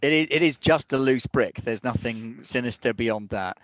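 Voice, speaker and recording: A man narrating as game master of a tabletop role-playing game, in a calm, measured way. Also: medium pitch, no room sound.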